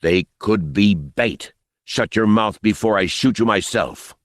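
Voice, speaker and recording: A man voicing an exhausted, desperate militia leader who talks in a ragged, gruff voice. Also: on the low side, sing-song, normal speed, no room sound, studio quality, voice pushed up. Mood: snarling. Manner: gruff and snarling.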